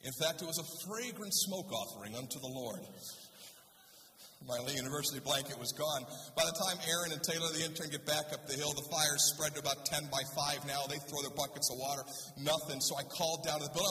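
A male pastor telling a humorous story in a sermon, animated and lively. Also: fairly high pitch, fairly quick. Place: church sanctuary. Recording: roomy church hall, voice from a distance.

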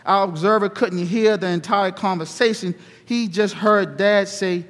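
A male pastor giving a sermon, telling a story slowly and deliberately. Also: sits high, steady tone, fairly bright tone. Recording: reverberant hall.

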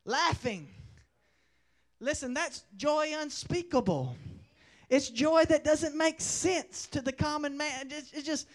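A young man with a very high-pitched voice delivers a sermon testimony. He moves between loud, emphatic lines and quiet, hushed storytelling. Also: a little slow. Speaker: preacher.

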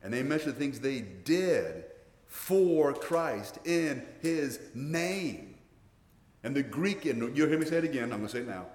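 A man's voice: medium pitch, lively intonation, measured pace, a little mellow. A man in his sixties, a pastor preaching a sermon in earnest, often repeating words as he restarts his sentences. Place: church. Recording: roomy church hall reverb.

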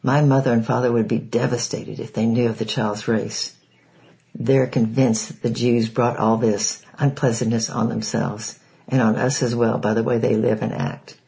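A man's voice: medium pitch, flat delivery, moderate pace, gravelly, dark tone, close to an everyday voice, poor audio. Man reading as a cold indignant minister. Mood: cold, dismissive.

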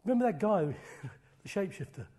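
Preaching a sermon in a high, husky voice, a middle-aged man moves briskly and with great animation. He alternates between loud, fiery proclamations and soft, breathy near-whispers.

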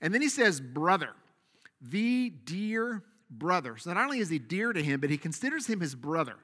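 A man preaching a sermon, leading a soft prayer and then teaching in a casual, animated way with asides. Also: on the high side, rapid-fire, slightly rough, long reverb tail. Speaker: pastor.

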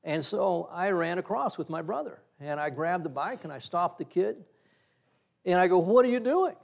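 A middle-aged male pastor preaching a sermon, telling a story with animated swings and sudden loud bursts. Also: high-pitched, normal speed, creaky.

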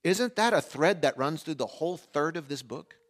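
A man in his forties preaching a sermon as pastor, animated and shifting between loud emphasis and hushed asides, in a church. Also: a little high, normal speed, soft background music. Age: 40s.

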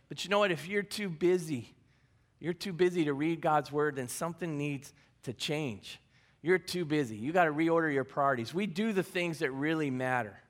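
A man with a notably high voice preaches to his congregation. He keeps the tone conversational and repeats his main points for emphasis. He slips in bits of gentle humor along the way. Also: normal speed. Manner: conversational, repeats key phrases, light humor. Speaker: pastor. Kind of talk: sermon. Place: church service.

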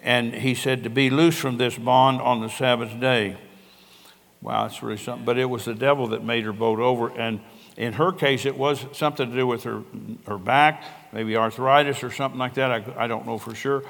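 A man's voice: medium pitch, steady tone, normal speed, gravelly, fairly bright tone. An older man, a pastor, preaching a sermon in an earnest, conversational way and telling stories with quoted dialogue. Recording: long reverb of a large hall.

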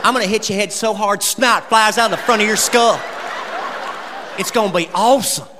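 A man voicing a fierce mother making over-the-top threats, recorded live before a loud crowd. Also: high voice, normal speed, in a large hall, background noise, close to an everyday voice. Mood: threatening.

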